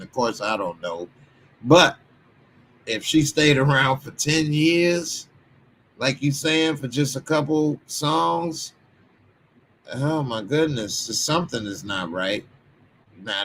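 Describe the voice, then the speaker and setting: A man's voice: mid-range voice, slight background noise. A man from Texas, hosting a casual commentary stream and chatting loosely through viewer comments in slang. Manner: loose, slangy, chatty asides with sudden loud bursts. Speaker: commentary channel host.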